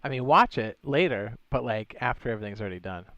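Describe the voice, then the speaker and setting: A man's voice: medium pitch, animated, quick pace, fairly bright tone, no echo. Chatty male gaming streamer. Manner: chatty, loose, thinks aloud while building. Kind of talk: casual gaming livestream commentary.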